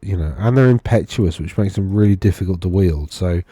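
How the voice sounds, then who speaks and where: A man's voice: low-pitched, a little fast, mellow, slightly rough, no room sound, clean studio sound. A man casually talking through tournament data on his screen, rambling and correcting himself as he thinks aloud. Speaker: wargaming video host. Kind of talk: casual screen-share commentary.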